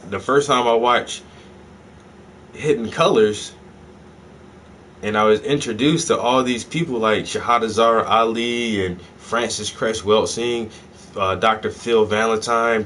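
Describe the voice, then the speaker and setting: A low-voiced man with a drawl rants casually to the camera, swearing freely and tossing in "yo" and "bruh". His talk is loose and excitable, with a faint hum of noise in the background. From South Carolina, US. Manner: profane, excitable, peppered with "yo" and "bruh". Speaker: host. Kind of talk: casual monologue.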